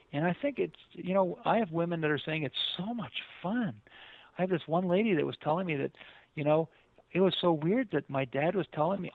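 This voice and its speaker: Man, middle-aged, gravelly voice, slightly high pitch, rambling earnest storyteller, dry phone-line sound. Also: no echo. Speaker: author and guest. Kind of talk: telling a story on a radio interview. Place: Los Angeles area.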